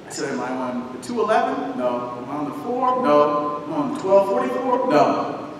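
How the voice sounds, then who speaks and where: A man speaking at a slightly high pitch, telling a story to a room with animated energy and acting out the people in it. He is heard from far off in a big echoing hall, with clear background noise under his voice. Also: moderate pace. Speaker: guest speaker. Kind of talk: storytelling lecture. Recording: echoey hall recording from far off, noisy.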